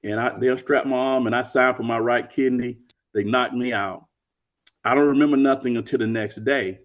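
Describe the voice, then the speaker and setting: A man's voice: medium pitch, fairly even intonation, moderate pace. A middle-aged man telling an emotional personal story as an interview guest, earnest and acting out the dialogue he quotes.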